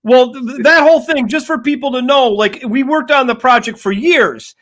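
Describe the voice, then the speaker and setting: An older man co-hosting a casual sports talk show, telling an animated story and acting out the dialogue. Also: very high voice, moderate pace. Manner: animated, acts out quoted dialogue. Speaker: co-host.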